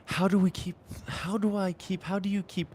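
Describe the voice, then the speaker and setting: A man's voice: sits high, flat delivery, moderate pace, darkish tone, slightly rough. A young man talking earnestly and reflectively while riding a bike outdoors in the rain, often repeating phrases to himself. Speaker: vlogger. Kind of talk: reflective spiritual vlog.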